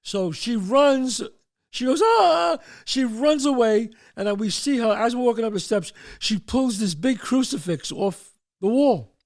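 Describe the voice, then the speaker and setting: An extremely high-pitched, unhurried man in his sixties tells a tale from his past as a show host, his New York accent marking him as from the Bronx. He animates the story by acting out its people and shouting their quoted lines.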